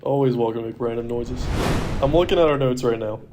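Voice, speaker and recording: A man's voice: mid-range voice, fast, background noise. Young man rambling with lots of "like". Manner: rambling, heavy use of "like" fillers. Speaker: podcast co-host. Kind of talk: casual chat.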